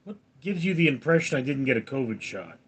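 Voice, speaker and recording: A brisk, very animated man in his forties from California, his medium-pitched voice slightly rough. He hosts a casual livestream, reading viewer comments aloud and answering them dryly.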